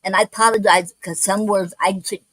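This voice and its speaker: A woman hosts a poetry livestream at her home mic, stumbling and restarting as she goes and carefully spelling out words. Some of her words don't come out clearly. The sound is dry and close, with a middle-pitched voice. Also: steady tone, fairly bright tone, dry recording, low-quality recording. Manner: halting, many restarts and fillers, spells out words letter by letter. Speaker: poetry show host. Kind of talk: casual livestream talk.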